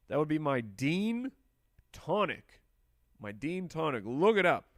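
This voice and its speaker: A man's voice: fairly high pitch, very animated, slow pace, dry recording, studio quality. A man hosting a live fantasy football stream, chatting casually and answering viewer questions while he drafts. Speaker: fantasy football podcast host.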